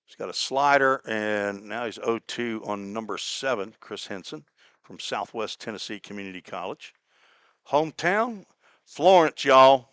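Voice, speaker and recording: A man from Cincinnati calling a baseball game play by play, chatty and folksy, drifting into small talk between pitches. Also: moderate pace, bright, forceful tone, smooth, no echo. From Cincinnati, Ohio. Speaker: play-by-play announcer. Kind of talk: live baseball radio commentary.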